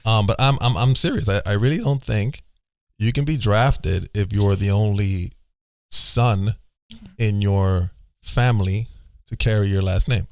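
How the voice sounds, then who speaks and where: A man hosts a casual podcast chat. His voice sits a little low, and the sound is dry and close. He rambles and restarts often. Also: unhurried, darkish tone, dry recording. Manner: loose, rambling talk full of restarts. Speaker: podcast host.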